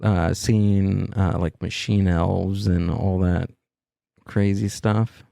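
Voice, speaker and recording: A man's voice: deep voice, fairly even intonation, slow, creaky, mellow, dry recording, clean studio sound. A man hosting a podcast, asking curious, hesitant questions in casual chat. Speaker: podcast host.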